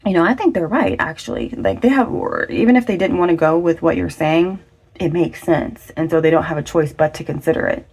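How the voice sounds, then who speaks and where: A woman's voice: sits low, a little fast, a little mellow, husky. A woman giving a casual pick-a-card tarot reading, chatty and slangy, with lots of affirming fillers. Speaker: tarot reader.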